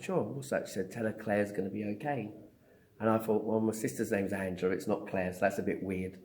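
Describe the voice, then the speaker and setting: Brisk and lowish in voice, a middle-aged psychic medium shares his story in an interview. He plays out the conversations animatedly, with frequent hesitant ums.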